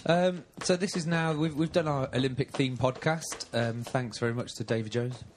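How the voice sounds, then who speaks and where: A man's voice: medium pitch, fairly even intonation, normal speed, slight background noise. A man hosting a casual podcast, playful and jokingly boastful. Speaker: podcast co-host. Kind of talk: casual chat. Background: faint music.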